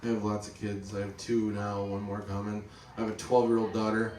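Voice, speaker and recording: A man's voice: fairly low pitch, flat delivery, brisk, recorded from a distance. A man in his thirties doing a stand-up comedy set, rambling and profane, mocking himself. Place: comedy club stage. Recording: roomy club sound from off-mic, loud crowd laughter. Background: audience laughing.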